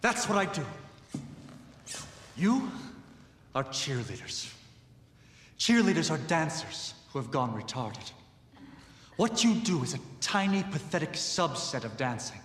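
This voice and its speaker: An actor playing an arrogant, pompous choreographer who speaks in a grandiose, scornful way. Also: male voice, fairly high pitch, sing-song, a little slow, long pauses, a bit bright. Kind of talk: film dialogue. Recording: roomy film clip with long reverb and faint ambience.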